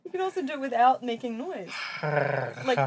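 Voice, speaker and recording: A woman's voice: high voice, animated, quick pace, a little mellow. A woman in casual chat who laughs often and teases her partner. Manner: giggly, laughs often, teasing.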